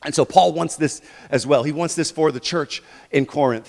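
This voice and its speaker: A man preaching a sermon as pastor, animated, moving between quiet and loud passages. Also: on the high side, normal speed, few pauses, in a large hall. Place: church sanctuary.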